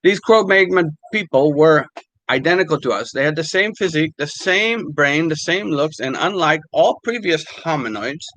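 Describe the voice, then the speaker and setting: An older man, a language teacher, talking casually and haltingly with many fillers while reading quotes aloud. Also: fairly high pitch, animated, a bit bright, no echo, low-quality recording.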